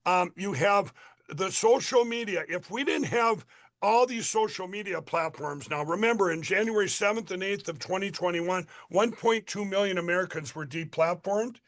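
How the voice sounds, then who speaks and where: A middle-aged Minnesota man, a candidate guesting on a radio interview, has a high voice for a man and a fairly bright tone at a moderate pace. He rambles and presses his points emphatically, restarting sentences again and again as he builds momentum.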